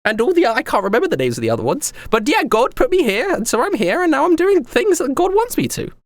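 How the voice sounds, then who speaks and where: A man voicing a vain, nervous young male emperor who gushes and rambles in a very high, giddy voice. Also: huge pitch swings, quick pace, dry recording, clean studio sound, heavily acted. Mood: flustered.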